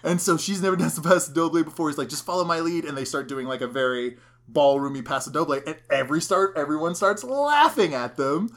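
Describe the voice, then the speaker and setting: A chatty podcast co-host walks through a movie plot scene by scene. The talk is loose and conversational, and the characters' lines are acted out in playful bits. The voice sits at a middle pitch. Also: expressive, fast talker, few pauses, a bit bright. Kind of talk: casual movie recap chat.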